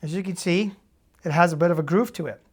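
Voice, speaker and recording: Low-voiced woman teaching drum patterns. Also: fast, darkish tone, slightly rough. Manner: explains step by step, counting beats and sticking patterns; casual and encouraging, with fillers and check-ins. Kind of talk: instructional demonstration.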